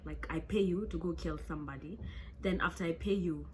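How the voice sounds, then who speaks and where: A woman's voice: on the low side, a little fast, slight background noise. A woman, a vlogger telling a true crime story in a chatty, joking way with many asides.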